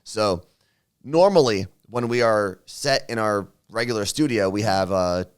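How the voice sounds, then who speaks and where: A man co-hosts a casual live stream from a hotel room, teasing his partner in a dry, deadpan way. Between the jokes he reads out viewer questions and explains how things work. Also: on the low side, a little slow, clean tone. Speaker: co-host.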